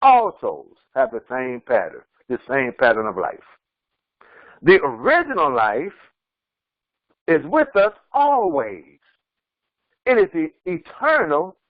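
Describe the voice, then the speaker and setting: A man's voice: fairly high pitch, huge pitch swings, slow, long pauses, dry recording, highs cut off. A man preaching as an imam, emphatic and repetitive, often restarting his words mid-sentence. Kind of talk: sermon.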